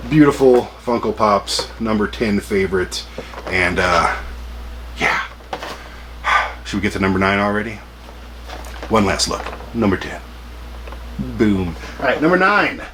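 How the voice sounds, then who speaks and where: Forties guy rambling about his collection, lowish voice, jokes at himself. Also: expressive, measured pace, pauses often, background noise. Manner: chatty, jokey, self-deprecating. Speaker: collector vlogger. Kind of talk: casual rambling vlog.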